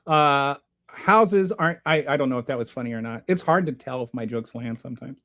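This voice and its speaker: A man with a fairly high voice talks through a casual livestream, reading chat messages aloud and commenting on them. His delivery rambles, with frequent restarts and asides, and it stays animated throughout. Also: a little fast.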